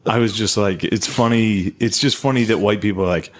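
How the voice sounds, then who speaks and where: A man's voice: on the low side, brisk. A young man co-hosting a comedy podcast, rambling through profane stories with lots of fillers. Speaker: podcast co-host. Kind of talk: casual comedy chat.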